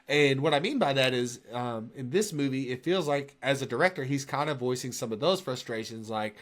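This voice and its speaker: A man's voice: mid-range voice, a little fast, fairly bright tone. A man co-hosting a movie podcast, talking casually and animatedly, laughing as he retells scenes. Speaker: podcast co-host.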